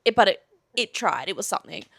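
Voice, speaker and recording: A woman's voice: medium pitch, animated, fast, creaky, a bit bright, slightly rough. A woman co-hosting a podcast, chatting casually and bantering with her friend about travel. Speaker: podcast co-host. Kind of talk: casual chat.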